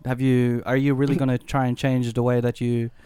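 A man's voice: medium pitch, little pitch movement, fairly quick, warm tone, clean tone, no room sound. A man, co-hosting a casual podcast, teasing his friends and laughing easily. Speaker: podcast co-host. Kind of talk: casual chat.

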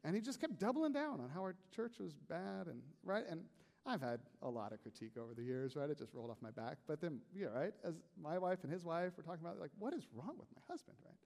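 A man preaching a sermon as a pastor, in a conversational, animated way with frequent "right?" asides. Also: fairly high pitch, quick pace, creaky, big-room sound.

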